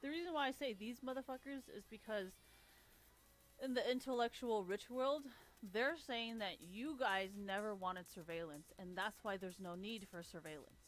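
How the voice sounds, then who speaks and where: A woman's voice: mid-range voice, moderate pace, faint music behind. Blunt, swearing woman streamer. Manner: blunt, heavy swearing, laughs often. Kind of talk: casual profane rant.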